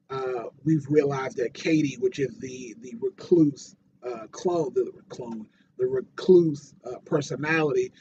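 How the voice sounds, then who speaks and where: A man's voice: mid-range voice, a little mellow, highs cut off, a little hiss or hum. A man casually reviewing a TV episode, rambling with fillers and restarts and getting worked up when he retells scenes. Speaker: TV show reviewer.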